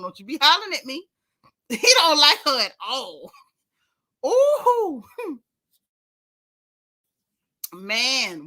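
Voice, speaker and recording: A woman hosting a casual reality TV recap, talking in slang and laughing often. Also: a little high. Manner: animated, laughing, heavy slang. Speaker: host.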